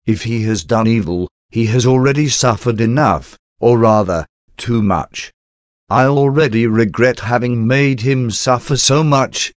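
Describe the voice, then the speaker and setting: A man reading the part of a troubled Roman governor in a slow, even voice. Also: medium pitch, no echo, studio quality, close to an everyday voice. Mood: questioning.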